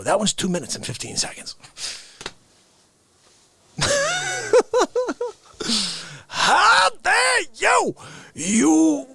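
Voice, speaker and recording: Gravelly, wildly animated man host. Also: sits high. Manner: animated, jumps between loud shouts and hushed whispers. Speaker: livestream host. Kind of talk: rambling comedic riff.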